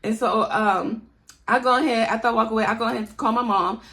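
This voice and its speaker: A woman's voice: fairly high pitch, steady tone, fast, sharp tone. A young woman casually retelling a personal story to her viewers, chatty and talking to them directly as y'all, acting out what others said. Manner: acts out quoted dialogue. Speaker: storytime vlogger.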